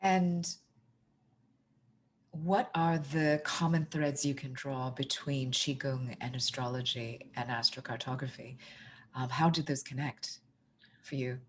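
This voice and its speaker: A woman hosting a podcast interview, asking questions and affirming her guest in a measured way. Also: extremely low pitch, fairly even intonation, slightly rough. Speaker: podcast host.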